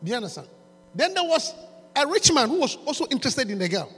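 A man, preaching a sermon by retelling a story, going from quiet asides to shouting. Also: very high-pitched, very animated, fast, breathy edge. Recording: reverberant hall with mains hum.

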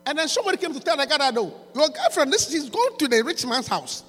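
A man, preaching a sermon by retelling a story, going from quiet asides to shouting. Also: extremely high pitch, sing-song, fast talker. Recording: reverberant hall with mains hum.

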